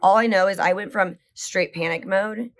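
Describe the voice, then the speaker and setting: A woman vlogger telling a story to camera in a casual, rambling way, full of "like" fillers and swings in pace. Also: mid-range voice. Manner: animated, rambling, heavy use of "like"; speeds up and slows down often.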